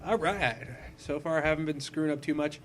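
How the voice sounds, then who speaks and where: This gaming host talks briskly in a fairly high male voice. His casual let's-play of a puzzle platformer is rambling, goofy, and full of self-deprecation.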